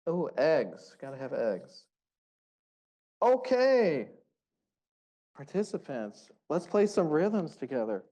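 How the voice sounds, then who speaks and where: A man's voice: on the high side, big pitch swings, slow, pauses often, warm tone. A man leading a group music workshop, giving encouraging, upbeat instructions.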